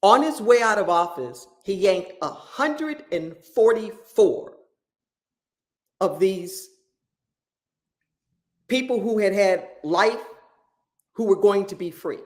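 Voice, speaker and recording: A pastor preaches at a slow, deliberate pace, telling a story from the pulpit. The delivery is impassioned, and key phrases come back again and again for weight. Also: medium pitch, lively intonation. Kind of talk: sermon storytelling.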